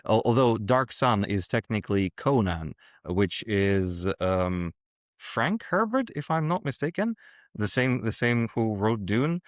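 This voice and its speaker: Soft-spoken man with a dry sound. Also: lowish voice, animated, a little slow, dry recording. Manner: hesitant, many fillers and restarts. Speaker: guest, game designer and world builder. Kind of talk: casual interview conversation.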